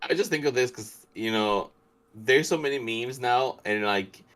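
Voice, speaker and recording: A man's voice: medium pitch, measured pace, fairly bright tone. A man co-hosting a podcast in casual chat, rambling and restarting his sentences eagerly. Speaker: podcast co-host.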